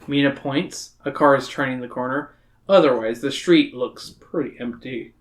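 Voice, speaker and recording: A woman's voice: a bass voice, normal speed. A tipsy woman hosting a podcast, reading a story aloud in a loose, joking way and stumbling over words. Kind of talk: tipsy casual read-aloud.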